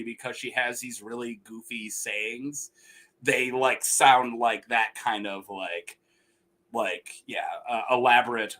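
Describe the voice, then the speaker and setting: Young man, podcast host, laughing, rambling, forceful bright tone. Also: mid-range voice. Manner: laughs often, rambling, mimics voices. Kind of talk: casual chat.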